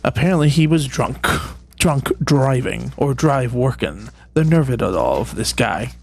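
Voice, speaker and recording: Here the same kind of gaming creator sounds gravelly and husky, mid-range and animated, though a little slow. His commentary wanders playfully, peppered with mock-sinister jokes aimed at characters in the game.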